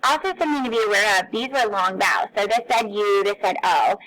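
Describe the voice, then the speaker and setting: Woman, teacher, bright tone, speaks to young children, stretches out words. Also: mid-range voice, expressive, quick pace, rough recording. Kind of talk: remote phonics lesson for young children.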